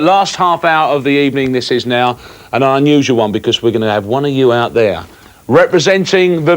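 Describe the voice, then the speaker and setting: A man presenting a live cable TV phone-in, full of jokey banter and mock bluster. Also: on the high side.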